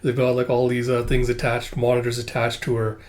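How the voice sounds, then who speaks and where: Man, casual comic read-along host, medium pitch, chatty and unpolished. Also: monotone, brisk. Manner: chatty, swears, many fillers. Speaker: comic book reader and reviewer.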